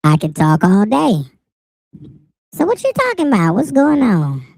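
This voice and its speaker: A teasing, squeaky voice pitched far up by a voice changer, baiting callers. It leaps all over in pitch and drawls slowly. A gravelly, dark grain sits under it. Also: male voice, wildly swooping pitch, no room sound, studio quality, exaggerated voice. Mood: taunting. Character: squeaky high-pitched taunting voice.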